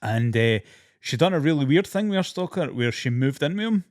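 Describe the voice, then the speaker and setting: A man's voice: a little high, expressive, fairly quick. A comedian in his thirties, a podcast guest trading blunt, dry anecdotes in casual comedic chat.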